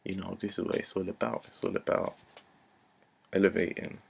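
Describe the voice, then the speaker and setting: A man's voice: deep voice, steady tone, moderate pace, vocal fry, a little mellow, slightly rough. A man, ranting earnestly to camera, repeating himself and dropping to a near-whisper at times. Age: 20s. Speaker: vlogger. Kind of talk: unscripted rant to camera.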